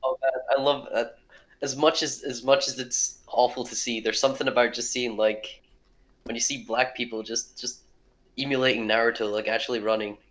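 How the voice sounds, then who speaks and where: A man's voice: mid-range voice, steady tone, normal speed, fairly bright tone, rough recording. A man in a casual podcast chat who adds short, dry one-line quips.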